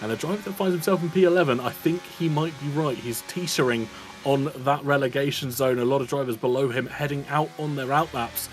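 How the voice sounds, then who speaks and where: A co-commentator breaks down the laps in a steady mid-pitched voice. He weighs up each driver's pace and praises the strong runs. A faint noise sits under the feed. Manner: measured analytical, praising laps. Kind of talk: live race analysis.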